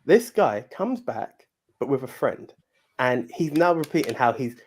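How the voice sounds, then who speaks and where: A man's voice: medium pitch, sing-song, a little slow, husky. A man co-hosting a podcast, retelling a film in casual chat with stammering repeats and casual swearing. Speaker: podcast co-host.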